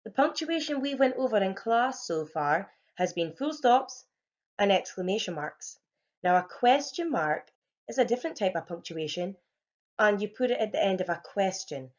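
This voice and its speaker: A woman's voice: medium pitch, lively intonation, normal speed, lo-fi sound. Patient woman teaching young kids. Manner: clear, patient, encouraging classroom explaining. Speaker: primary school teacher. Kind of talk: home learning grammar lesson for young children.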